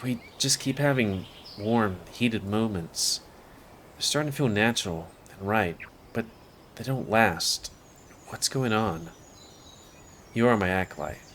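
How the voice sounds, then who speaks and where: A man's voice: lowish voice, slow, a bit bright, a little hiss or hum. A man casually reading a visual novel aloud in first person, with offhand asides. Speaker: game streamer.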